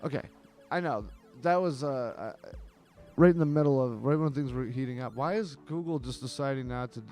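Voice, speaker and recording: A man's voice: mid-range voice, normal speed, a little mellow, faint music behind. A man hosting a comedic show, rambling and sardonic, swearing often. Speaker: host. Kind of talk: casual comedic chat.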